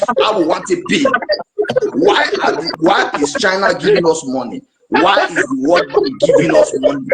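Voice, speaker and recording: Impassioned Nigerian man, high and lively. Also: slight background noise. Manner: impassioned, mixing pidgin and English. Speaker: debate participant. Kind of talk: heated live audio debate.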